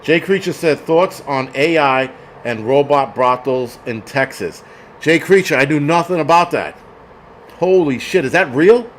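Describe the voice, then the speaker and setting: A man's voice: a little high, lively intonation, unhurried, slight background noise. A man hosting a casual livestream, reading chat comments aloud and ranting bluntly with plenty of profanity.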